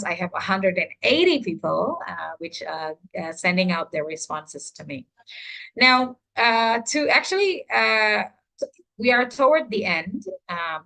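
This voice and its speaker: A woman's voice: medium pitch, a bit bright. A woman leading an online training session for teachers, talking with frequent "uh" fillers and addressing participants politely as Bapak dan Ibu.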